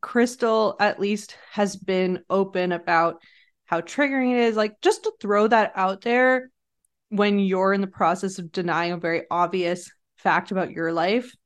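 A woman co-hosting a casual podcast, talking in an animated, heated way as she recaps. She speaks at a middle pitch and slips in quick quoted impressions of others. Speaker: podcast co-host. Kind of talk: casual chat.

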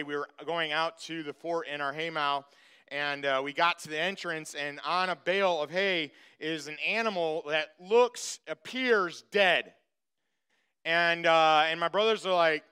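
A man's voice: fairly high pitch, smooth. A male pastor preaching a sermon and telling a personal story from his farm childhood. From grew up on a farm. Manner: storytelling, animated when acting out the story. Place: church.

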